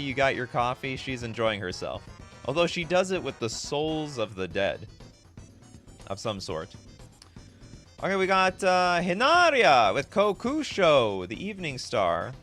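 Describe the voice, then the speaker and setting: A man's voice: mid-range voice, sharp tone. A man streaming live, reading viewer requests in casual, self-mocking chat, laughing often.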